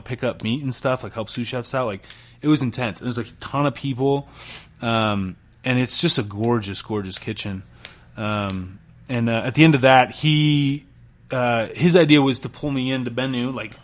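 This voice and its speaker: A man in his thirties from Utah, a chef telling stories casually in an interview, with lots of fillers and the odd swear. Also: mid-range voice. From Salt Lake City, Utah. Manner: relaxed storytelling, many fillers, laughs and swears. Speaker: chef, podcast guest.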